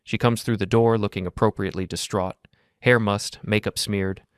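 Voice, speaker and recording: A man narrating a first-person story in a calm, measured, coolly detached way. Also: fairly low pitch, smooth, no room sound, studio quality.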